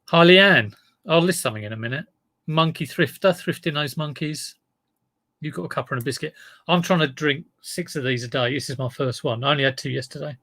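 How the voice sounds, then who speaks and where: A man's voice: on the high side, brisk, sharp tone, no room sound. A man, chatting casually on a live stream as an online reseller, greeting viewers by name and rambling into asides. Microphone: desk mic in front of him.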